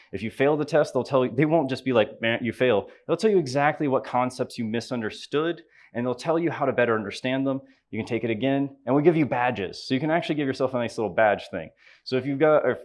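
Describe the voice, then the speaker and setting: A man with a Southern US accent giving a live conference tutorial, upbeat and chatty, joking with the audience as he runs a software demo. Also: mid-range voice. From Southern United States. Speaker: conference presenter.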